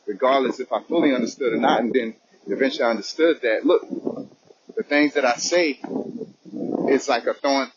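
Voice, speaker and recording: A man's voice: mid-range voice, dull audio, noisy background. A man giving an informal spoken religious lesson, talking conversationally and often asking "you know what I'm saying".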